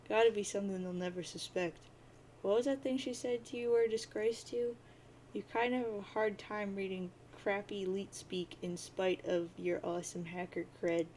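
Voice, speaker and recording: A woman's voice: mid-range voice, normal speed, mellow, a little hiss or hum, poor audio. A woman casually reading a webcomic aloud as host, with chatty, offhand asides. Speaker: webcomic reader, channel host. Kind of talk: casual read-aloud narration.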